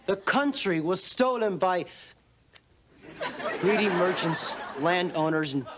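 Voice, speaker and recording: A man's voice: sits high, lively intonation, slow, a crowd in the background. An actor playing a student who performs a smug aristocrat in a school play, sneering and drawing out his words. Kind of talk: sitcom acting. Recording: sitcom track with hiss and audience laughter.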